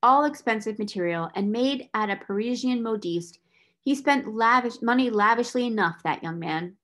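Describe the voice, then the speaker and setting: A woman reading aloud, voicing a dry, sharp-featured solicitor who speaks in a curt, snappish, critical manner. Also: on the high side, expressive, normal speed. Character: brusque, dry little male solicitor.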